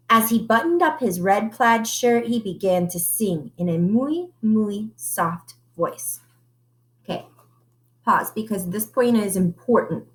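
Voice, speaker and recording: A woman teacher reading a picture book aloud to children, expressive and stopping to ask them questions. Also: a little high.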